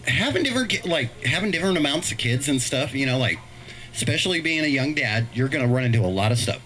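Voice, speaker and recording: A man's voice: mid-range voice, quick pace, rough recording. A middle-aged man telling stand-up stories about his kids on a live stream, acting out voices as he goes. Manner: animated storytelling, acts out voices. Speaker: stand-up comedian.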